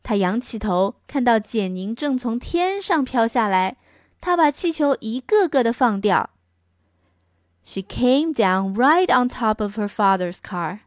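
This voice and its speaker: A woman storyteller reading a picture book aloud in a gentle, expressive way. She speaks slowly and with plenty of lift in her pitch. The sound is close and dry. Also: no room sound.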